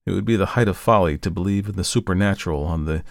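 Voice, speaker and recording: A male narrator reads a first-person tale in a measured, steady way. His voice sits low with a gravelly texture. The recording is dry and close with no room sound. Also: no echo. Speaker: audiobook narrator.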